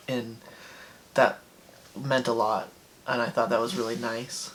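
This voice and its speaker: A young man hosting a comedy show, telling a dating story in a dry, deadpan way. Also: mid-range voice, a little slow, pauses often, a little hiss or hum. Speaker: comedian host.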